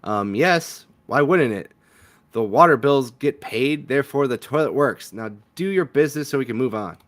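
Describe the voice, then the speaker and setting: A man's voice: medium pitch, lively intonation, moderate pace, lightly acted. A man voicing a curt, grumpy young woman in a story game who answers bluntly and dismissively. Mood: impatient.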